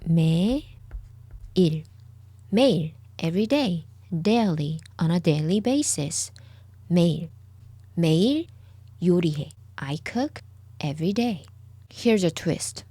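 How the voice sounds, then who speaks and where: A woman's voice: on the low side, a little mellow, dry recording. A woman giving a language lesson, patiently saying each word several times over, recorded close up. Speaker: Korean language teacher. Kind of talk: slow lesson, repeating words for the viewer.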